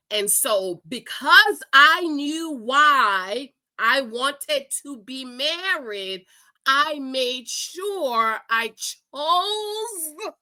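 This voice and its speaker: Woman host, reaction commentary; emphatic, animated storyteller with a bright, crisp voice. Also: sits high. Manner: emphatic, animated, laughs often, says "okay?" a lot. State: married.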